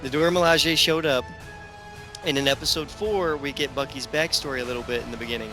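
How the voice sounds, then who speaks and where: A man's voice: mid-range voice, fairly even intonation, quick pace, over music. A man co-hosting a podcast who agrees often, jumps in, and corrects episode details in casual chat. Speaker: podcast co-host. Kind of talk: casual chat recapping a TV show.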